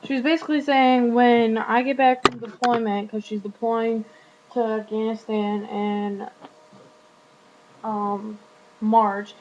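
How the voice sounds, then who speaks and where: A woman's voice: a little high, little pitch movement, slow. A teenage girl casually retelling a conversation in a vlog, full of "like" and quoted back-and-forth. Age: teens. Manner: chatty, retelling a conversation with lots of "like". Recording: dull lo-fi webcam audio with faint hum.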